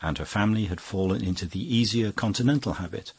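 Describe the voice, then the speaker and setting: Deep husky male audiobook narrator. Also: fast talker. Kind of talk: scripted narration.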